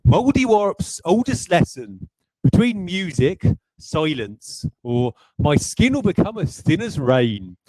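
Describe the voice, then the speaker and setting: A man reciting cryptic game lore in a put-on West Country accent, with a slow, lilting delivery. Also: on the high side, big pitch swings, mellow, no room sound, voice pushed up, exaggerated voice, low-quality recording. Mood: solemn.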